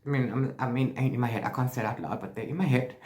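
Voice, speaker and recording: A man's voice: mid-range voice, fast, darkish tone. A man vlogging about his reading, chatting casually and often correcting himself mid-sentence. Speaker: book vlogger. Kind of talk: casual book review chat. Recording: roomy echo.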